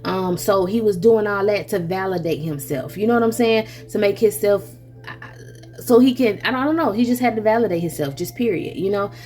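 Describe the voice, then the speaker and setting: A woman giving a casual tarot reading, animated and chatty, who laughs often, swears freely and calls the listener baby and honey. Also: medium pitch, a little fast. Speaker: tarot reader.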